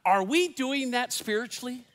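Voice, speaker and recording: A man in his fifties preaches a sermon in a church, his notably high voice carried by a long hall reverb. He tells stories in a folksy way and drops in humorous asides. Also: expressive, moderate pace. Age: 50s. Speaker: pastor. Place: church sanctuary.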